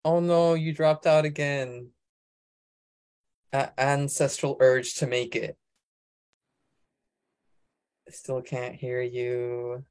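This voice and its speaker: Hype open mic host on a video call, slow easy pace, lots of slang. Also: mid-range voice, little pitch movement, a little mellow, smooth. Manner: enthusiastic and encouraging, with slang.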